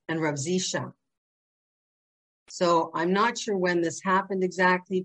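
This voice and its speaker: A woman giving a religious class, telling the story with lively rises and drops in her voice. She acts out the quoted speakers with her own voice and keeps a teaching tone throughout. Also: on the low side. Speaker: Torah teacher.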